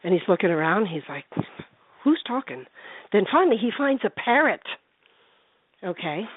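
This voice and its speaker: An older woman telling a story over a thin, tinny phone line, chatty and lively, slipping into little voices for the characters. Her voice sits at a middling pitch and sounds dry and close. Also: normal speed, slightly rough, no echo. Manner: chatty, animated, acts out voices in her stories. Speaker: paranormal investigator guest. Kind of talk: casual phone interview storytelling.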